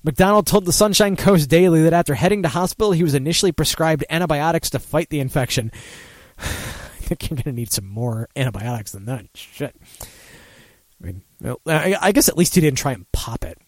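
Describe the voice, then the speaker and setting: A man's voice: fairly high pitch, animated, normal speed, no room sound. A man hosting a casual talk show, rambling and swearing freely while laughing at his own jokes. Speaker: host. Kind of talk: casual talk-radio banter.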